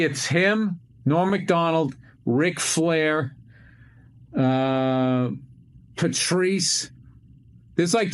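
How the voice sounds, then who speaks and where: A man in casual chat on a call, rambling and reflective with halting restarts. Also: fairly high pitch, a bit bright. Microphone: remote call.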